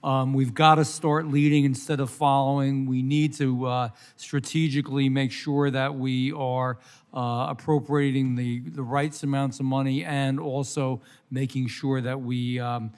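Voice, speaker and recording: A man's voice: medium pitch, little pitch movement, unhurried, darkish tone, smooth. Emphatic New Jersey man in committee. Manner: brief, emphatic and informal. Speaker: committee member.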